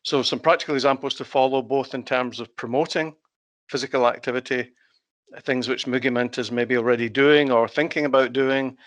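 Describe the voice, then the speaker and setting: A man with a Scottish accent giving an online conference presentation as a guest expert over a video call, measured and with frequent hesitations. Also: medium pitch, steady tone, fairly bright tone, dry recording. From Scotland.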